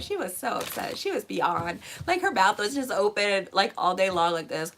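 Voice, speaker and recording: A woman's voice: medium pitch, expressive, normal speed, hardly any pauses, a bit bright. A woman astrologer giving a casual, blunt horoscope reading with swearing and rambling digressions. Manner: chatty, blunt, swears freely, digresses into stories. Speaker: astrologer and tarot reader.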